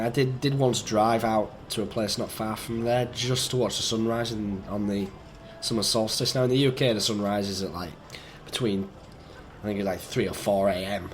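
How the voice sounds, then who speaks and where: A young man, croaky and under the weather, chatting in a rambling, easygoing way while playing a game. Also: on the low side, slight background noise. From England. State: croaky, sick voice. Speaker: gaming YouTuber. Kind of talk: rambling let's-play commentary.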